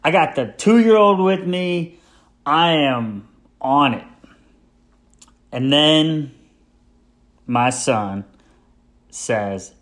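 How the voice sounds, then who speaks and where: Rambling storytelling dad, higher voice. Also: male voice, animated, very slow, pauses often, fairly bright tone. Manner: rambling, filler-heavy, self-mocking. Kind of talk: casual storytelling monologue.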